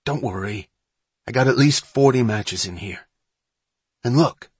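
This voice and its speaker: A man's voice: medium pitch, unhurried, breathy edge, no room sound. A man reading an audiobook, voicing an eager, bossy young boy who gives orders and scoffs at his brother's fears. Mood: hushed bossy. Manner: eager, commanding, scornful.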